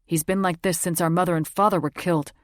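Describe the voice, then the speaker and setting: A woman voicing a placating twenty-three-year-old male wolf shifter who keeps smoothing things over. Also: fairly low pitch, fairly even intonation, quick pace, no room sound, close to an everyday voice. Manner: placating, excuse-making.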